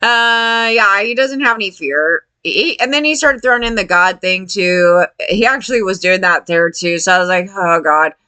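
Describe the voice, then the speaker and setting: Chatty woman with a bright voice. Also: mid-range voice, moderate pace, hardly any pauses, clean tone, no room sound. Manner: rambling, animated, laughs often, quotes people in voices. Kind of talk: casual rambling commentary.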